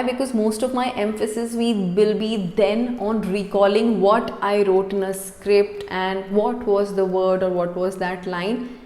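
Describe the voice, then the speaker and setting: Expressive woman coach. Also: medium pitch. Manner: expressive, stresses chosen words. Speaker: cabin crew coach. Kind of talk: unscripted spoken English lesson. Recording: echoey room with long reverb.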